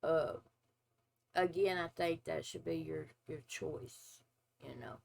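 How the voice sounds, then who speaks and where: A former nurse in her forties hosts a casual reaction video, delivering blunt opinions and drawn-out asides. Her voice is low-pitched and steady with vocal fry, and the audio is poor.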